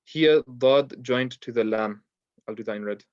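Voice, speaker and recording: A man's voice: mid-range voice, moderate pace, clear, resonant tone, no echo. A man teaching Quran recitation rules in an online lesson, explaining in an easy way with many ums and modelling the sounds himself. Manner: relaxed explaining with frequent ums, demonstrating sounds. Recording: dull lo-fi dry recording.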